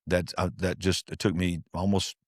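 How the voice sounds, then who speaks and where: A middle-aged man, a pastor, telling a personal story in a casual interview, earnest and halting with many restarts. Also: low-pitched, flat delivery, no echo, clean studio sound. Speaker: pastor, podcast guest.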